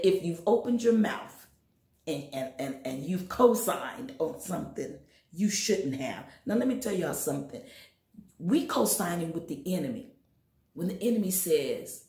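A woman teaching Sunday school in an emphatic preaching style, talking straight to her listeners and breaking into sudden high exhortations. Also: expressive, unhurried, creaky, mellow, echoey room. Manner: addresses listeners directly. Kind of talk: sermon.

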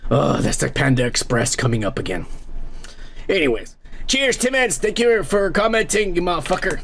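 A man's voice: on the high side, very animated, normal speed, gravelly, fairly bright tone, a little hiss or hum. A man hosting a podcast, reading viewer comments aloud in a crude, rambling, mocking way and laughing often.

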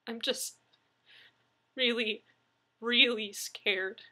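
A woman's voice: on the high side, a little slow, a bit bright. A woman voicing a frightened young man who stammers and trips over his words in an audiobook reading. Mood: scared. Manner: stammering, shaky. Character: frightened young man, injured college graduate.

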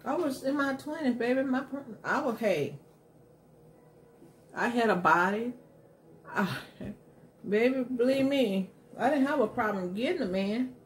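A woman's voice: on the high side, expressive, unhurried, pauses often, slight background noise. Candid middle-aged woman hosting an eating show. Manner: candid, emphatic storytelling. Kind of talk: casual chat while eating.

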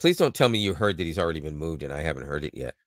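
A man's voice: extremely low pitch, sing-song, rapid-fire, no echo, clean studio sound. A Canadian man co-hosting a podcast, chatting casually and joking, with laughs and restarts. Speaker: podcast co-host. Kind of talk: casual chat.

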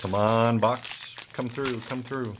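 A young man excitedly opening trading card packs for his channel, muttering card names with sudden yelps of delight. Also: takes it slowly, a little hiss or hum. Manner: excitable, muttering asides, jumpy pitch. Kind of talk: casual pack-opening commentary.

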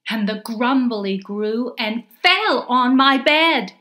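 Slow, expressive woman reading a storybook. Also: medium pitch, echoey room. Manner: gentle, deliberate, expressive read-aloud. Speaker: author reading her picture book. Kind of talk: slow storybook narration for children.

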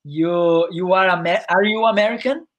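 Brazilian man, Portuguese native, English learner on a video call; halting, searching for words. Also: sits high. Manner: halting, hesitant non-native English with many restarts and "you know?". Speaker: English student. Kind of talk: online English lesson conversation.

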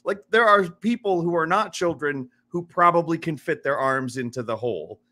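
A man's voice: on the high side, moderate pace. A man guesting on a casual podcast, rambling with many restarts and laughing easily. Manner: rambling, restarts often, laughs easily, animated when worked up.

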